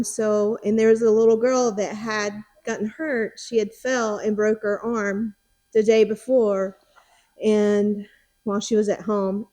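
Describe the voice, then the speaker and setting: Slow-speaking woman recounting a story. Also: a little high, warm tone. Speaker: missionary, former preschool teacher. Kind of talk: casual storytelling.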